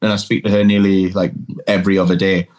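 A man's voice: low-pitched, flat delivery, fast, a little mellow. A man in his thirties with a Geordie accent, a podcast guest telling stories in rambling casual chat, repeating words and swearing. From England.

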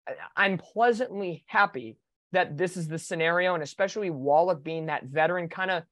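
A man hosting a sports podcast, talking in an animated, opinionated way in casual chat. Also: sits high, fairly quick, no room sound, studio quality. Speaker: podcast host.

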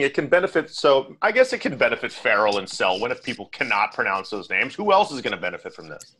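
A man co-hosting a podcast, chatting casually with animated, joking asides. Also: medium pitch, fast talker, husky. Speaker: podcast co-host.

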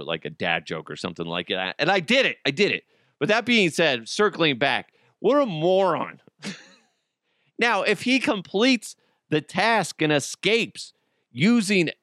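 A man's voice: fairly high pitch, bright, forceful tone, no echo, studio quality. Crude, mocking male podcast host. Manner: crude, mocking, laughs at his own jokes. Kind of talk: comedic podcast rant.

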